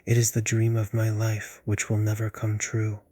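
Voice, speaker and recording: A man's voice: lowish voice, completely flat delivery, moderate pace, dark tone, dry recording. A man whispering an earnest young girl. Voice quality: breathy whisper. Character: earnest young country girl, a woman dreaming of the stage. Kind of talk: whispered role-play.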